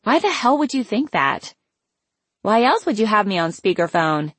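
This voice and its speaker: A woman reading an audiobook, voicing an excitable young woman, a teasing best friend who talks loudly with plenty of exclamation. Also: mid-range voice, normal speed, dry recording, voice pushed up. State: out of breath. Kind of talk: audiobook character voice.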